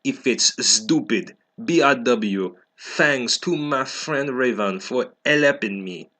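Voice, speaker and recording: A man's voice: medium pitch, expressive, slow pace, sharp tone, pitched above the performer's own voice, heavily acted. A man voicing a petulant teenage girl who writes fan fiction, speaking in a snippy way.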